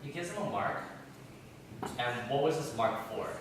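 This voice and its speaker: A man's voice: mid-range voice, normal speed, background noise. A man leading an interactive Bible class in a church room, questioning his listeners in a chatty way. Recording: very echoey room, far from mic.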